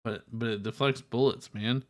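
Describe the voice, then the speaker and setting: A man's voice: mid-range voice, steady tone, moderate pace. A man co-hosting a podcast in casual chat, easygoing and swearing casually. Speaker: podcast co-host.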